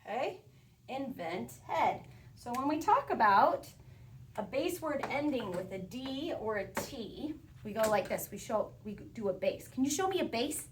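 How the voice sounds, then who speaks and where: Lively, sing-song woman teaching young children. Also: on the high side, moderate pace, distant mic. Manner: animated, sing-song teacher voice with playful sound effects. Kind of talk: storytelling phonics lesson for children. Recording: roomy sound from a bit off the mic, faint background hiss.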